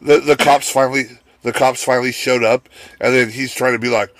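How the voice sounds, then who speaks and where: A man at a mid pitch spins profane work stories in a loose podcast chat. He mimics the people in each story as he goes, and his voice sits close and dry on the mic with no room around it. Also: fairly even intonation, brisk, dry recording. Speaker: guest, wrestler telling work stories.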